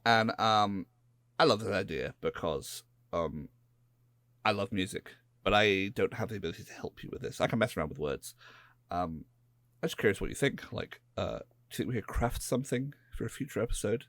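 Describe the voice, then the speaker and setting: A man with a West Country English accent chats on a podcast in a fairly low voice. He rambles and drifts into quiet asides. The close mic sounds dry, with no room in it. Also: animated, brisk, no room sound. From England. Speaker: podcast co-host. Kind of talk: casual chat.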